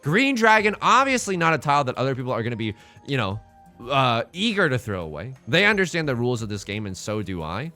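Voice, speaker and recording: A man commentating his own game with a joking, theatrical manner, flipping between mock despair and excitement. His bright, forward voice rises and falls widely. Soft music plays underneath. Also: medium pitch, fast talker. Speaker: let's play host.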